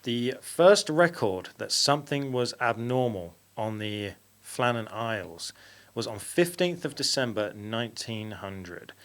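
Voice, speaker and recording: A man's voice: mid-range voice, big pitch swings, unhurried, hardly any pauses, fairly bright tone. Man reading facts on a podcast. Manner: reads aloud with fillers and self-corrections. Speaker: podcast host. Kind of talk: reading out facts in casual chat.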